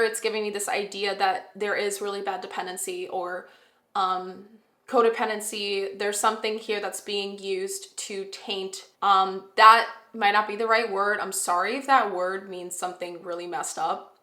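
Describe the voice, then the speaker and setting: A woman giving a casual, rambling tarot reading, often pausing to correct herself. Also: mid-range voice, pushed and bright. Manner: chatty, rambling, self-correcting, with fillers. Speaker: tarot reader. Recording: roomy echo.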